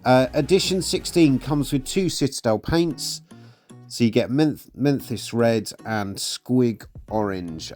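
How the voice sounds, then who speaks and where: Casual male vlogger, mid-pitched, friendly and rambling, faint music bed. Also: darkish tone. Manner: chatty, upbeat, with frequent fillers. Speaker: hobby channel host. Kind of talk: casual product review.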